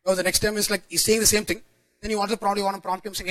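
A man giving a technical conference talk, talking quickly with frequent restarts and fillers. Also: high voice, little pitch movement, fairly bright tone, rough recording. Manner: rapid, many restarts and fillers. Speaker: conference speaker.

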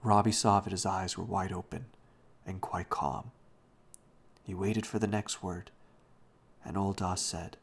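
A man slowly reading a children's novel aloud as a bedtime story at home, often hushed. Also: low-pitched, steady tone, creaky, slightly rough. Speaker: reader.

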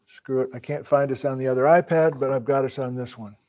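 A man's voice: mid-range voice, fairly even intonation, brisk, dark tone. A middle-aged man from Wisconsin, a sleep-deprived geology lecturer, thinking aloud in a flustered, casual live-stream lesson. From Wisconsin, USA.

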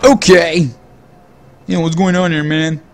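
A man's voice: on the high side, level tone, unhurried. Crude, mocking young gamer man. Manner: crude, mocking asides to the game. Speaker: gameplay commentator. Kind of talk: profane let's-play commentary.

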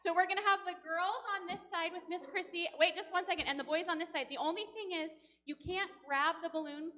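High, bright-voiced woman leading kids in church, reverb behind. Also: fast talker. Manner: excited, laughing, giving instructions. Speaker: children's activity leader. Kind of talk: running a kids' game in church. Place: large church sanctuary. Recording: long reverb of a big church.

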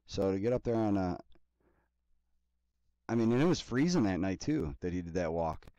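A man hosting a card break, reading player names in a steady list between casual chatty asides. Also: sits low, normal speed, no echo, muffled recording. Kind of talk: casual running commentary while opening card packs.

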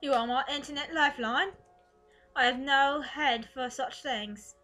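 Woman putting on a charming older boss, theatrical and flattering, with a put-on British accent. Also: high voice, unhurried, faint music behind. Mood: suave. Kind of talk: reading game dialogue aloud.

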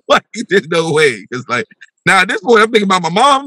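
A young man telling a wild personal story on a podcast, animated and full of slang, acting out his own voice with big swings in pitch. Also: a little fast, breathy edge, no echo. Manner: slangy, repeats "bro" and "yo".

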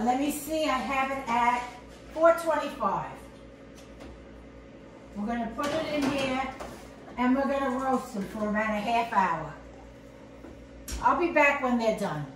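Slow-talking older woman cooking at home. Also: fairly high pitch, a bit bright, echoey room, a little hiss or hum. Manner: chatty, homey, chuckling asides. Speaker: home cook. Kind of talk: casual cooking demonstration.

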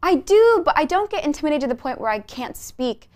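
A woman's voice: sits high, big pitch swings, background noise. A young woman in her twenties, a guest chatting in a bubbly way and telling stories about herself. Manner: bubbly storyteller, quick laughs. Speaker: interview guest. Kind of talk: casual interview chat.

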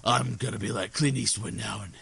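A man putting on a low, mumbling impression of a tough-guy action hero who brags in a slurred voice. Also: fairly even intonation, brisk, gravelly, pushed and bright, husky, exaggerated voice. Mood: boastful.

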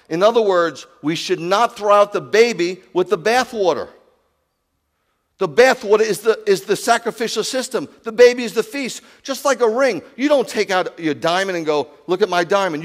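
A man preaching a sermon as rabbi, animated, swinging from loud exclamations to quiet asides. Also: sits high, long reverb tail.

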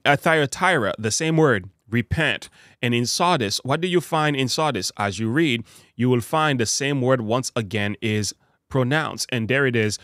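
A man preaching a Bible study sermon. He prays and reads scripture aloud, stressing key words in a measured way. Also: mid-range voice, a bit bright, no room sound, studio quality.

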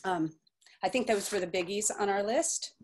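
A woman's voice: mid-range voice, moderate pace, darkish tone, a little hiss or hum. A woman moderating an online info session, reading out questions and giving frank, practical advice in a chatty way.

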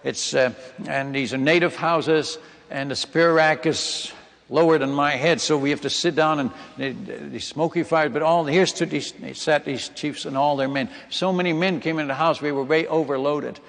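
A man's voice: fairly high pitch, fairly even intonation, moderate pace, gravelly, a bit bright. A man from the Netherlands, a missionary preacher telling a dramatic testimony in a sermon and speaking directly to his listeners. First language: Dutch. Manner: emphatic, dramatic retelling that addresses the audience as friends and folks. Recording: reverberant hall.

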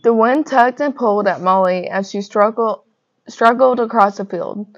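A young woman reading a children's picture book aloud, in a lively storybook manner with gentle voices for the characters. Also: mid-range voice, moderate pace. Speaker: reader. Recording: dull lo-fi recording.

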